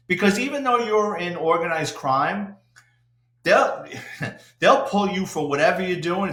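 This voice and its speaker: An older man, a retired police detective telling salty, animated stories in an interview. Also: fairly high pitch. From New York City. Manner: salty, animated anecdote-telling with acted-out quotes. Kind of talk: storytelling interview. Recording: roomy echo.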